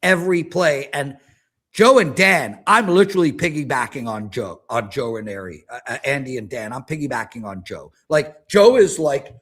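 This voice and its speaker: A man in his fifties, a sports betting handicapper talking in an animated, ranting, exaggerated way during a casual chat. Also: mid-range voice, moderate pace. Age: 50s.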